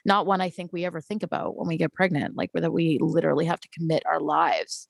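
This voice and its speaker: A woman, a guest, telling a personal story in an animated way and acting out the voices of the people in it, often close to tears. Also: deep voice, quick pace, creaky, no echo. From Canada. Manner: animated, acts out quoted voices.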